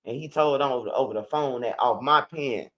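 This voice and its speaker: A man's voice: medium pitch, brisk, a bit bright. A man with a Chicago accent telling rambling, profane stories in a casual livestream, with many restarts. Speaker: livestream host. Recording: dull lo-fi stream audio.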